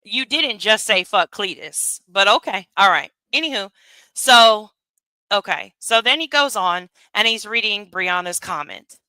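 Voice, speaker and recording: A woman's voice: medium pitch, lively intonation, a little slow, pushed and bright, clean tone, no room sound, clean studio sound. A woman giving heated, profane livestream commentary, rambling with many asides and tags like "right?". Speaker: commentary streamer.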